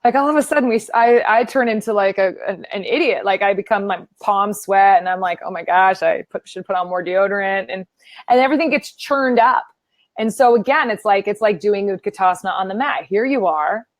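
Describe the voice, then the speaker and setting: A woman's voice: mid-range voice, brisk, dry recording. A woman guest, a yoga teacher, chatting casually and playfully acting out her own inner voice. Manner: animated, self-deprecating, acts out her inner voice. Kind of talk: casual interview chat.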